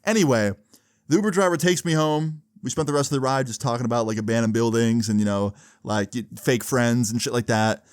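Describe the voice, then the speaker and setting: A man's voice: medium pitch, brisk, clear, resonant tone, dry recording, studio quality. Swearing man telling a story. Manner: animated, swearing, conversational. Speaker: storytime YouTuber. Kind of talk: casual storytelling vlog.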